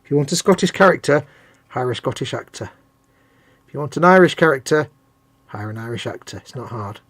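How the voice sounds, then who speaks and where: A man's voice: medium pitch, animated, a little fast, fairly bright tone, no room sound. A man co-hosting a casual live stream while painting miniatures, chatting and ranting with playful mock voices. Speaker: co-host.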